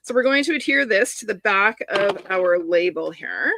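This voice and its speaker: A woman's voice: mid-range voice, expressive, moderate pace, noisy background. A middle-aged woman chatting enthusiastically while showing a crafting project step by step. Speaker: papercraft demonstrator. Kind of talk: live crafting demonstration.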